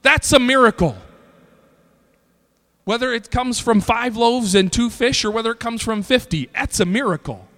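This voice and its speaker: Guy preaching a sermon, highish voice, slow scripture reading, yells now and then, echoey church. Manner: preaching with sudden shouted bursts. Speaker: pastor.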